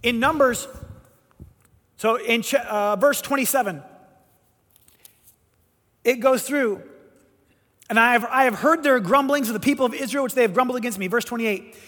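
A man preaching a sermon, telling a story with animated, emphatic delivery and voiced quotes. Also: very high voice, moderate pace, pauses often. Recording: long hall reverb.

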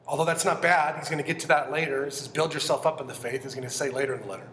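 Man, pastor, emphatic sermon, fairly high voice, echoey church hall, faint background hiss. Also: fast, hardly any pauses, a bit bright. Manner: earnest, emphatic, asks the congregation questions. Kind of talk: expository sermon. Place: church sanctuary. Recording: echoey hall with long reverb.

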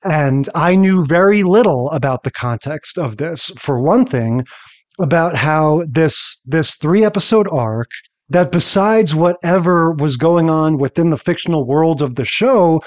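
A man's voice: fairly high pitch, a little slow. A man co-hosting a podcast, chatting casually about old sitcom episodes. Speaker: podcast co-host. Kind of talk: casual chat recapping TV episodes.

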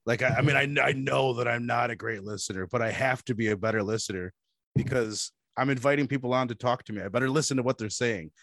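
A young man hosting a podcast, telling stories in animated casual chat and calling people "bro" and "dude". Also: medium pitch, fast talker, vocal fry, no room sound, studio quality. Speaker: podcast host.

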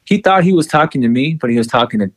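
A musician co-hosting a podcast tells a story in casual chat, swearing freely and animatedly acting out the dialogue. His voice is a little high and quick, with no room sound.

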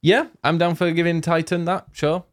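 A man's voice: on the high side, flat delivery, normal speed. A man co-hosting a casual podcast chat, teasing his partner and reading out award nominees. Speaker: podcast co-host.

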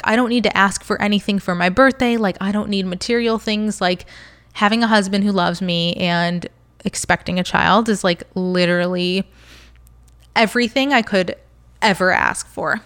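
A young woman vlogger shares a personal story in a candid, conversational way, her speech packed with fillers and "like," and at times she fights back tears. Her voice sits at medium pitch with a fairly bright tone, and she talks at a moderate pace.

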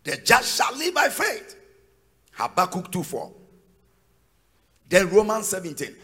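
Pastor preaching with a lively high voice. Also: male voice, a little slow, breathy edge. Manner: emphatic, sing-song preaching with shouted peaks. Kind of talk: sermon. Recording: long reverb of a large hall.

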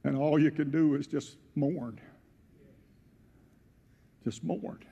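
A pastor preaching a sermon, retelling a scripture story in first person and swelling to loud, emotional peaks. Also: male voice, a little high, slow, gravelly, breathy edge, lo-fi sound. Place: church sanctuary. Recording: church hall with long reverb.

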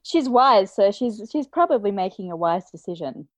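A woman's voice: mid-range voice, animated, normal speed, dry recording. A woman co-hosting a podcast, adding short, dry remarks in casual chat. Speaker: podcast co-host.

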